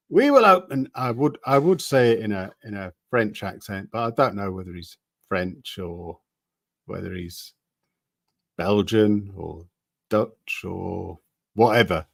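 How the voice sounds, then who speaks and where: A man's voice: lowish voice, vocal fry, no room sound, studio quality. A man giving casual, skeptical commentary on current events, often reading articles aloud and asking rhetorical questions. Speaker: political commentator.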